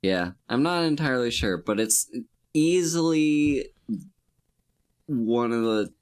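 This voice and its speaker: A man's voice: medium pitch, lively intonation, slow pace, clear, resonant tone. A man co-hosting a casual film podcast, with dry humor, thinking aloud as he talks. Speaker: podcast co-host. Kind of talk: casual comedic film discussion.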